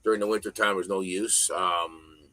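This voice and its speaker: A middle-aged man talking as a podcast guest, ranting bluntly with heavy profanity and loud emphasis. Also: low voice, steady tone, moderate pace, no echo, poor audio. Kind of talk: casual podcast conversation.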